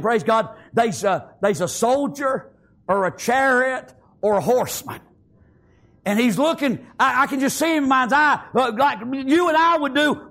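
A male preacher with a notably high voice delivers a fiery sermon. He climbs to shouted peaks, then falls back to low, hushed asides. Amens punctuate nearly every turn.

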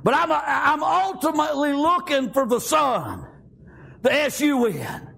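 An older man preaching a fervent sermon, halting with many fillers and constant "amen" and "praise God". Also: very high voice, big pitch swings, creaky, bright, forceful tone.

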